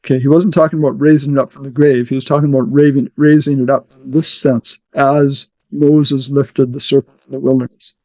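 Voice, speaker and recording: A man leading a scripture study, explaining verses deliberately and checking in with "okay" often. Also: mid-range voice, flat delivery, dry recording. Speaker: Bible study leader. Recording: muffled, dry sound.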